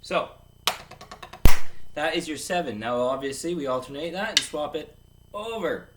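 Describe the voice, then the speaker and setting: A man's voice: fairly high pitch, animated, unhurried, over loud music. A man teaching a casual drum lesson, rambling and joking as he counts beats aloud. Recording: distant mic with clear background noise.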